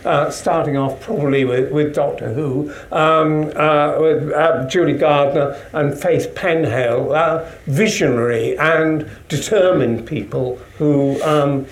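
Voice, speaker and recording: Slow, halting man. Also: a little high. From Wales. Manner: halting, filler-heavy speech. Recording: roomy echo.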